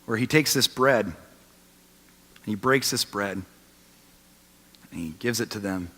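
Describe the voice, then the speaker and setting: A man in his thirties preaching a sermon as a pastor, telling the story and swinging from loud to hushed. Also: lowish voice, measured pace. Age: 30s. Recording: long reverb of a large hall.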